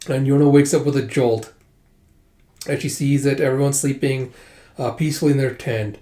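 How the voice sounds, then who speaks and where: A man's voice: medium pitch, steady tone, normal speed, long pauses, warm tone. A man casually retelling a manga in a chatty way, full of fillers and laughs. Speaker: manga readthrough host. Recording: roomy echo.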